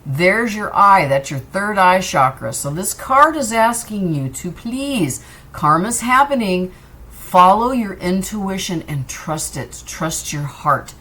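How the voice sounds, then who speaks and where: A woman's voice: mid-range voice, expressive, slow, pushed and bright, breathy edge. A woman doing a casual tarot reading, chatty and reassuring as she talks straight to the viewer. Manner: loose and wandering, jumps between cards. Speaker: tarot reader.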